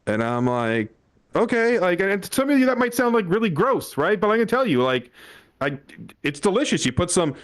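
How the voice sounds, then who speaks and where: A young man performs a stand-up set into a handheld mic on a comedy club stage. He tells family stories, acting out quotes in passing and laughing often. His voice sits a little high for a man. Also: sing-song, a little fast.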